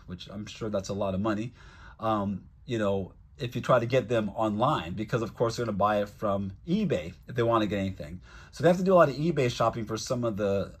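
A man's voice: lowish voice, breathy edge. A man vlogging as a toy collector, telling a casual, rambling story with lots of fillers.

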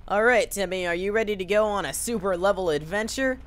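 A woman with a fairly low, expressive voice talks fast while doing let's play commentary on a video game, with loud music and background noise behind her. As a gaming commentator she's playful, often yelping and joking.

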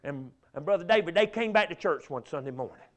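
A man preaching a fervent revival sermon, swinging from loud emphatic bursts to hushed, drawn-out pleading. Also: a little high, expressive. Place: church sanctuary.

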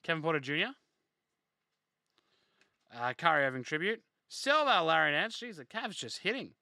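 A man's voice: on the high side, very animated, normal speed, sharp tone, dry recording, clean studio sound. A young man hosting a live card break, reading off player names and chatting casually with viewers.

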